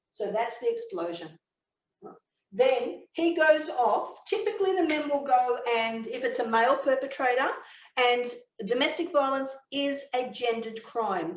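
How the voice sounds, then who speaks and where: A woman giving a communication training webinar, explaining and telling a story in a measured way. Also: fairly high pitch. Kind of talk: webinar teaching. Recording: echoey room, mic far off.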